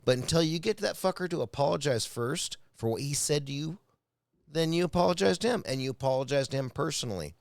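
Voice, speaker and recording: A man's voice: on the high side, animated, quick pace, gravelly, dry recording. Dude ranting on his channel, swears a lot, trips over words, dry close sound. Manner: profane, agitated, stumbles and repeats words. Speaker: vlogger reacting to a clip. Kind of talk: casual reaction rant.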